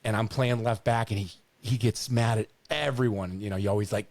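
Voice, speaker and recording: A middle-aged man co-hosting a podcast, telling stories in an animated, casual way, often repeating words and swearing now and then. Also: fairly low pitch, brisk, no echo. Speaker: podcast co-host. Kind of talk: casual storytelling chat.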